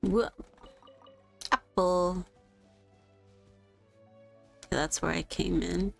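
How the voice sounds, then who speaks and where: A woman's voice: on the low side, fairly even intonation, extremely slow, creaky. A woman streaming a game, playfully chatting to herself and humming little tunes as she plays. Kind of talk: casual gameplay commentary. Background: soft background music.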